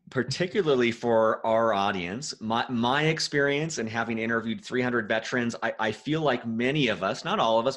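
Male podcast host, mid pitch, reflective, restarts his phrases. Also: a bit bright. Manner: reflective, thoughtful, repeats words. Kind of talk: podcast interview.

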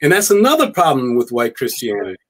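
A man speaking as a guest scholar in a live-stream interview, emphatic and animated, often repeating his key words. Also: mid-range voice, quick pace.

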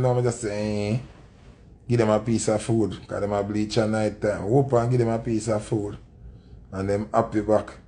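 Gravelly Jamaican man telling a story. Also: medium pitch, dark tone. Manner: rambling patois anecdote with quoted voices. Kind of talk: casual storytelling.

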